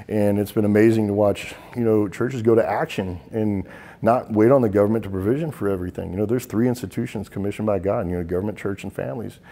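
A middle-aged man, a military veteran, tells stories in an interview, earnest and halting, often repeating words as he goes. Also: fairly low pitch, mellow, long reverb tail. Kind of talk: interview storytelling.

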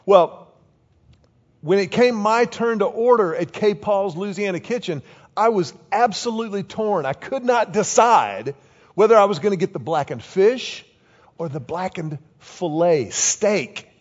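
Fifties guy preaching, high voice, storytelling and animated, kinda dull lo-fi sound. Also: measured pace, long reverb tail. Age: 50s. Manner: storytelling, animated, tells the congregation to repeat lines. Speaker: pastor. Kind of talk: sermon.

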